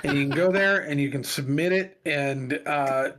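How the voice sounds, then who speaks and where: A man's voice: on the high side, moderate pace, fairly bright tone, a little hiss or hum. A man co-hosting a casual podcast chat, telling a long story animatedly and acting out quoted phone calls. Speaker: podcast co-host.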